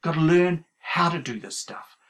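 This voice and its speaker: A man's voice: fairly high pitch, lively intonation, normal speed, a bit bright. A man preaching a sermon, telling a story in a loose, conversational way with plenty of fillers.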